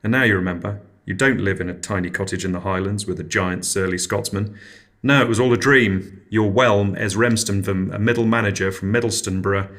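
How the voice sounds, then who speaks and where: Low-voiced man hosting an absurdist comedy podcast, with mild, hesitant, dry narration. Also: steady tone, fairly quick, fairly bright tone. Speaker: podcast host.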